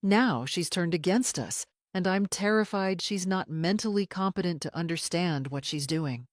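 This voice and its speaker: A woman's voice: lowish voice, normal speed, dry recording, studio quality, voice pushed up, close to an everyday voice. A woman voicing a middle-aged daughter on the witness stand, pleading and defensive as her voice breaks.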